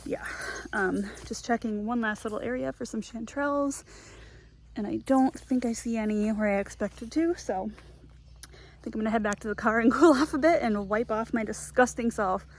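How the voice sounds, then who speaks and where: Young woman filming herself in the woods, kinda high voice, giggly, out of breath, handheld cam. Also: normal speed. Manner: chatty, giggly, self-deprecating. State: out of breath and sweaty. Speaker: foraging vlogger. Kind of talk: casual vlog talk to camera. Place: humid woods outdoors. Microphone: handheld camera.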